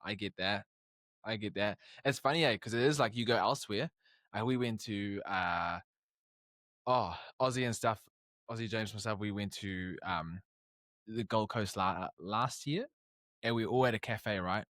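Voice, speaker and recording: This guest on a podcast is a young New Zealander who swaps stories casually, animatedly acting out the conversations of the people involved. His voice is fairly low and his pace moderate. The recording is studio quality with no room sound.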